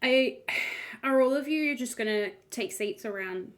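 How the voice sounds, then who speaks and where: A woman's voice: a little high, measured pace. A woman acting as game master in a tabletop role-play game, easygoing in her manner.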